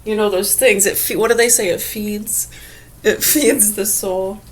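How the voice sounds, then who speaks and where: A woman's voice: mid-range voice, steady tone, measured pace. A woman rambling in a casual vlog monologue, crude and profane, laughing often, with a slight whistle through gaps in her teeth. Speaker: vlogger.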